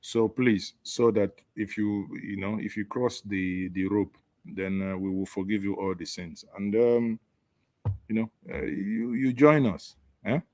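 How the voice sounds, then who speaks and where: A man's voice: on the low side, measured pace, a little mellow, no room sound. A man with a Nigerian accent hosting a call-in show, mocking the news with sarcastic jokes. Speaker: host taking callers. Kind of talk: satirical call-in chat.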